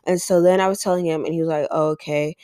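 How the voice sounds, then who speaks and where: A woman's voice: low-pitched, steady tone, fast talker, mellow, smooth, dry recording, studio quality. A woman hosting a podcast, telling a personal story in a casual, rambling way, with lots of "like" and acted-out quotes from other people. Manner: rambling, heavy use of "like", acts out quoted dialogue. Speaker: podcast host.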